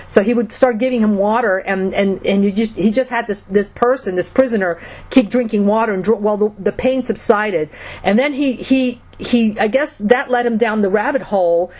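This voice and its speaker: A woman's voice: medium pitch, moderate pace, darkish tone. A woman guest on a radio show, speaking hesitantly with many fillers and restarts. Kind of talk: casual conversation.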